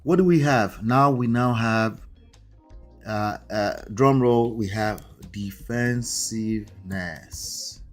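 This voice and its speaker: A man's voice: lowish voice, slow pace, soft background music. Man with an accent coaching on a livestream. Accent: non-native English accent. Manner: conversational, repeats "right?" and "okay?". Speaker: marriage coach hosting a live stream. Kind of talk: livestream talk.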